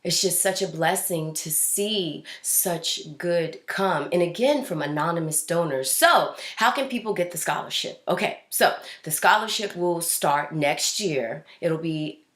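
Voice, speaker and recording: A woman's voice: lowish voice, unhurried, few pauses, a bit bright, echoey room. Chatty woman hosting a news show. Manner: chatty, with fillers and restarts. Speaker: host. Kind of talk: casual news commentary.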